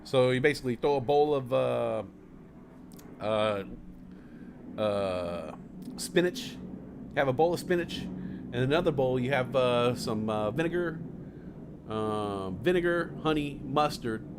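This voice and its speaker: Animated man telling stories on a livestream. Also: mid-range voice, takes it slowly, gravelly, long pauses, background noise. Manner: animated storytelling, acts out inner voices loudly, swears casually. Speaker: talk show host. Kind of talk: casual livestream chat.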